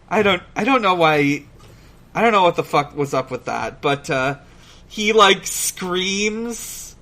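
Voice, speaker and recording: A man co-hosting a relaxed podcast, taking his time over each thought, his fairly high voice bright and forward. He stumbles through lots of "uh"s and restarts, swears freely and laughs easily. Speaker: podcast co-host. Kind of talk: casual chat recapping a cartoon.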